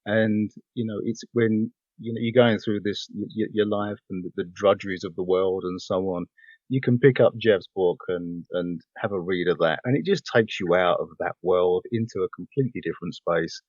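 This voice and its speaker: A man's voice: sits low, normal speed, darkish tone, no echo, lo-fi sound. An English man, a voiceover actor, talking casually as a podcast guest, with lots of fillers, restarts and laughter. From England. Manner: chatty, laughs often, many fillers and restarts.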